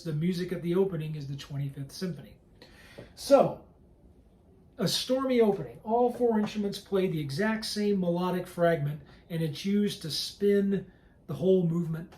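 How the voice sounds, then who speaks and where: A man giving a relaxed, conversational pre-concert lecture as a cellist and director, explaining a piece and humming along with its phrases. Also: high voice, normal speed. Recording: echoey room with faint music.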